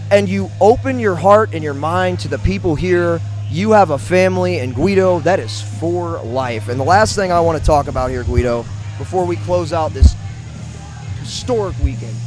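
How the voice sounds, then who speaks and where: A man's voice: sits high, measured pace, soft background music. A man from the St. Louis area doing emotional, emphatic commentary for a wrestling show. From St. Louis area, USA. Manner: heartfelt, emphatic, repeats himself.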